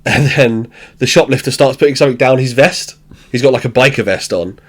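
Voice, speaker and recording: A man hosting a podcast, recapping a sitcom in animated storytelling, swearing freely, laughing often and acting out the characters. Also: medium pitch, a little fast. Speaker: podcast host. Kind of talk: casual chat recapping a show.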